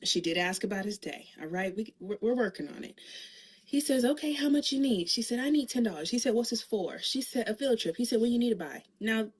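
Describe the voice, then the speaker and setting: Woman, mother, comic storytelling, sassy, animated, husky voice. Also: fairly high pitch, fairly quick. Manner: sassy, lively, acts out voices in her story. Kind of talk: comedic storytelling monologue.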